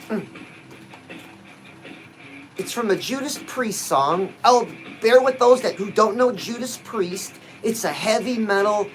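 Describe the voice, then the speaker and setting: A man's voice: high-pitched, a bit bright, rough recording. Punchy motivational man, faint music behind. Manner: punchy, exhorting, peppered with "oh". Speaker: motivational livestream host. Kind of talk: motivational pep talk.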